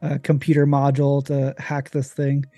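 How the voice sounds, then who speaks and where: A man player describing his character's actions in a tabletop game, quick and loosely worded. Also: mid-range voice, monotone, dark tone, dry recording, faint music behind.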